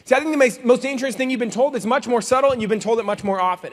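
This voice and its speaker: A man with a high, bright voice speaks at a quick clip in a motivational keynote to young people. He jokes and acts out little scenes as he goes. His words ring with a long reverb from a large convention hall. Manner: joking, animated storyteller who acts out scenes. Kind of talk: comedic keynote speech to students.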